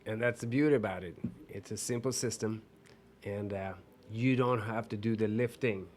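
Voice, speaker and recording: A man's voice: lowish voice, moderate pace, a little mellow, slight background noise. A man with a Swedish accent, a guest on a radio talk show, explaining things earnestly and repeating words for emphasis. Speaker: guest, business owner. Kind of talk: radio interview.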